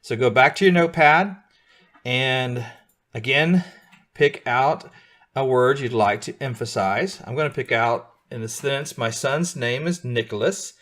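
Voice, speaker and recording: A middle-aged man leads a live beginner coding lesson at an even pitch. He explains each step patiently and keeps asking his students whether they are following along. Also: unhurried. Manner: patient, checks in often with students. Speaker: coding teacher.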